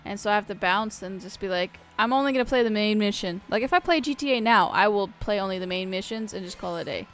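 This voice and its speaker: A woman's voice: mid-range voice, fast, hardly any pauses, a bit bright, soft background music. A young woman streaming a racing game, chatting casually and playfully teasing her viewers. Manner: playful, teasing, talks straight to chat. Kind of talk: casual live-stream gaming chat.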